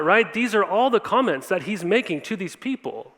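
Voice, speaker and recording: Pastor preaching in a reverberant church. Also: male voice, sits high, very animated, moderate pace, hardly any pauses, fairly bright tone. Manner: conversational, asks the congregation questions; reads scripture aloud then retells it casually. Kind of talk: sermon. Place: church auditorium. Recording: long reverb of a church hall.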